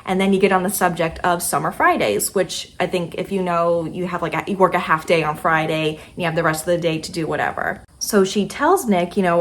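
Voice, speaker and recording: A young book vlogger chats casually about books she loved, in a lowish voice that runs a little fast with few pauses. Her chatty review is full of fillers like "like" and "kinda."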